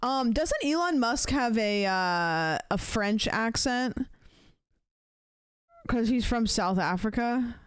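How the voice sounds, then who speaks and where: A woman streamer chatting casually with her live viewers, rambling and thinking out loud with lots of fillers. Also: a little high, lively intonation, takes it slowly, smooth, no room sound. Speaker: livestreamer.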